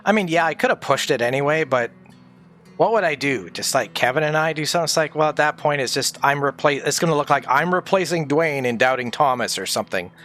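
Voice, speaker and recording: A man's voice: on the high side, lively intonation, fast talker, fairly bright tone. A man streaming from home, grieving, talking candidly in a rambling, sweary way. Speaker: livestreamer. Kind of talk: casual livestream chat.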